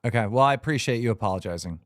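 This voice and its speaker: A man's voice: mid-range voice, expressive, very fast, no room sound, studio quality. A man hosting a livestream, talking casually in a blunt, profane, scolding way. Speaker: livestream show host.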